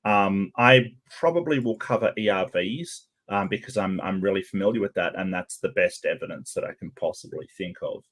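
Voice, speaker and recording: A man's voice: sits low, normal speed, few pauses, a bit bright. A man with an English accent, hosting a casual group chat in a rambling, conversational way. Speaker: host.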